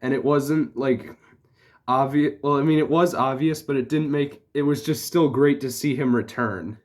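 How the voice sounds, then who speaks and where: Male reviewer, offhand rambling delivery, average pitch. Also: fairly even intonation, normal speed. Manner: rambling, full of "like" and restarts. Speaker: TV show reviewer. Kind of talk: casual spoken review.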